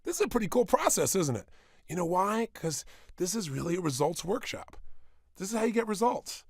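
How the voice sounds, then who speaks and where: A man's voice: high-pitched, big pitch swings, vocal fry, husky, no room sound. A man giving a motivational workshop talk in a studio, emphatic and fond of repeating phrases and firing off rhetorical questions. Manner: rapid-fire rhetorical questions. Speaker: motivational speaker. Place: studio with a small audience.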